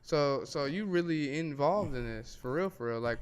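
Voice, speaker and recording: A man hosting a casual interview, asking curious, playful questions and repeating words when excited. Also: a little high, moderate pace, clear, resonant tone. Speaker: interview host.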